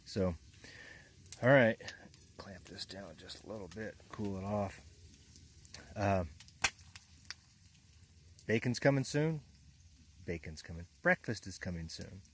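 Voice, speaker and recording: Male camping vlogger, low voice, sleepy, halting and rambling, faint outdoor ambience. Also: a little hiss or hum, low-quality recording. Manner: rambling, halting, many fillers. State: groggy just after waking. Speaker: motocamping vlogger. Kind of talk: casual camp vlog. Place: inside a hot tent with a wood stove.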